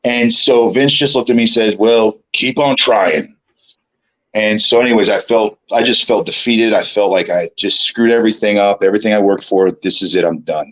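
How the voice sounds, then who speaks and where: A man's voice: on the low side, a little fast, few pauses, rough recording. A middle-aged man, a guest on an interview show, telling a long anecdote with laughter and acted-out lines of other people. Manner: animated, laughing, acts out voices. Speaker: guest, former wrestler. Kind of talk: storytelling anecdote.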